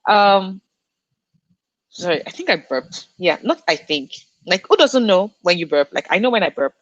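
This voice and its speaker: A young Nigerian woman with a lowish, very animated voice hosts a casual book livestream at a normal pace. She reads chat messages aloud, gushes effusively at viewers, and laughs often, in a dry, lo-fi recording.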